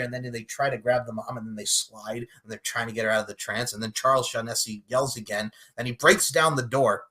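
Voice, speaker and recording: A man's voice: medium pitch, quick pace, hardly any pauses, pushed and bright. A man co-hosting a podcast, casually recapping a movie with lots of laughter and offhand swearing. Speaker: podcast co-host.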